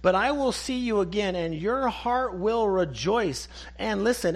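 A male preacher delivering a sermon, his voice sitting a little higher than most men's. He is emphatic and poses rhetorical questions, then answers them in hushed, single words. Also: animated, unhurried, hardly any pauses. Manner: emphatic, rhetorical questions, dropping to soft one-word answers.

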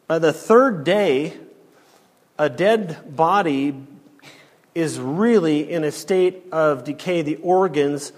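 A man preaching an expository sermon as pastor, slow and emphatic, his voice rising sharply on the quoted commands. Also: fairly high pitch. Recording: long hall reverb.

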